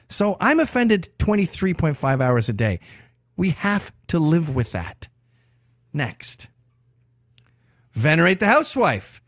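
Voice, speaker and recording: A man with a slightly high voice rants through a provocative, sarcastic podcast monologue full of swearing. His pitch swings widely as he mocks and jabs. The sound is dry and close, with no room around it. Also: dry recording. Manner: profane, provocative, sarcastic ranting. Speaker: podcast host. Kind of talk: opinion monologue.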